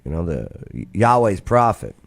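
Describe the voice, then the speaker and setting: A man hosting a reaction video, giving animated, conversational commentary. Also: low voice, moderate pace, vocal fry.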